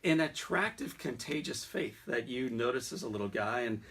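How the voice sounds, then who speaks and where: Man, podcast host, husky voice, earnest interviewer. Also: mid-range voice, expressive, brisk, a bit bright. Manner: earnest, leading questions and storytelling.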